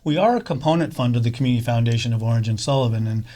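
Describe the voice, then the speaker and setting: A middle-aged man speaking in a casual interview as a fund co-founder, halting often with fillers and restarts. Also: mid-range voice, dark tone.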